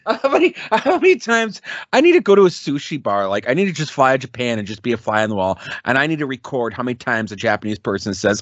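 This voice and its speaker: A man's voice: medium pitch, sing-song, quick pace, no room sound. A man co-hosting a podcast in crude, profane, casual banter, laughing often, on dull, dry lo-fi audio. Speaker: podcast co-host.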